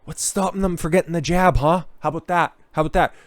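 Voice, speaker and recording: A man's voice: fairly high pitch, fast talker, no echo. A man hosting political commentary, ranting angrily and sarcastically over news clips, with heavy swearing and mocking voices.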